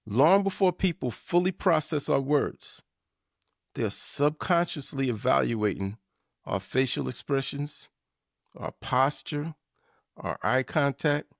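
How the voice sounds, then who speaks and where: A man hosting a business lesson, delivering a scripted talk with measured, emphatic shifts in inflection. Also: mid-range voice, gravelly, no room sound, studio quality. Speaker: podcast host.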